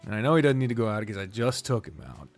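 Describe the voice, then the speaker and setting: A man's voice: fairly low pitch, big pitch swings, fast talker, soft background music. A man streaming a strategy game, rambling casually, talking to himself and swearing often. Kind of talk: casual live-stream chat while gaming.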